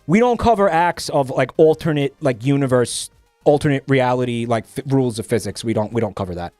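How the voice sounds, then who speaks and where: A man voicing a dismissive male insurance company rep who flatly refuses claims. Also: medium pitch, a little fast, no echo, faint music behind, natural voice.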